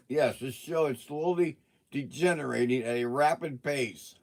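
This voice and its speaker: A man's voice: medium pitch, measured pace. A man hosting a casual livestream, chatting with viewers while eating and talking with his mouth full. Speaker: livestream host.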